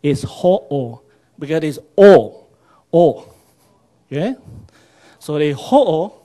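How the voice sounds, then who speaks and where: A man's voice: fairly high pitch, lively intonation, slow, warm tone. A man presenting at a workshop, teaching patiently and repeating himself, checking in with the audience through little tag questions. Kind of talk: seminar teaching pronunciation.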